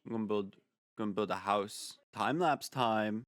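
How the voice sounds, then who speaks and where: A man's voice: fairly low pitch, a little slow, heavy background noise. A man giving casual gameplay commentary as a video creator, jokey and rambling, with playful asides.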